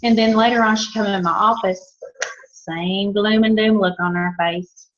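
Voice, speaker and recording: A woman's voice: mid-range voice, fairly even intonation, moderate pace. A woman in a casual group discussion, telling an office story with many "you know"s. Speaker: discussion participant. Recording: dull sound, faint noise.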